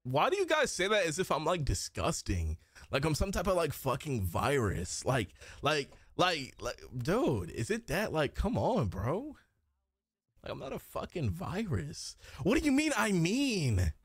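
A young man livestreaming and reacting to his chat, loud, excitable and swearing, recorded on a desk mic indoors. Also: on the high side, unhurried, breathy edge, no room sound, clean studio sound. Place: indoor streaming setup.

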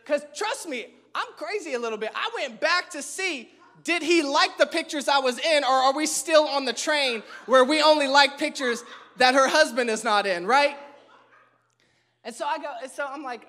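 A male pastor preaching a humorous, storytelling sermon to a live church congregation, animated and self-mocking, with emphatic repetition. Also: extremely high pitch, moderate pace.

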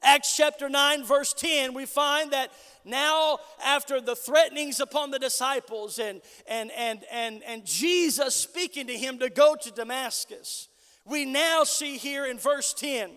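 A man preaching a sermon as pastor, telling a Bible story and then rising to loud exhortation. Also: very high voice. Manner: builds from measured storytelling to shouted exhortation. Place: church sanctuary. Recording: long church hall reverb.

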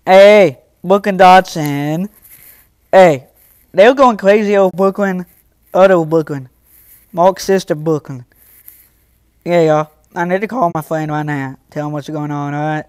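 High-voiced teen boy streaming live. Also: darkish tone, smooth, no echo, studio quality. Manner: talks straight to chat, quick to anger, protective. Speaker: livestreamer. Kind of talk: casual livestream chat.

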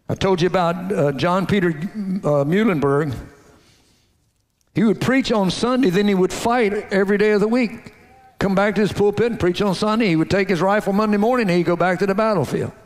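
A man preaching a sermon to his congregation in a folksy, animated way, calling out to the crowd. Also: high-pitched, long reverb tail. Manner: folksy, animated preaching with audience call-outs. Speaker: pastor. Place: church sanctuary.

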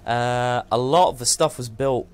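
A man's voice: mid-range voice, a little slow, clear, resonant tone, faint music behind. A man hosting a casual game livestream, chatting in a rambling way and often trailing off and restarting. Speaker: livestream host. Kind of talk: casual gameplay chat.

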